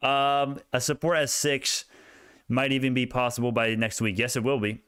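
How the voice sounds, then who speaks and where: Excitable young man rambling about stocks. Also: mid-range voice, normal speed, clean tone, dry recording, clean studio sound. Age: young adult. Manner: rambling, excitable, drifts onto tangents. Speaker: stock market YouTuber. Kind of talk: casual stock chart commentary.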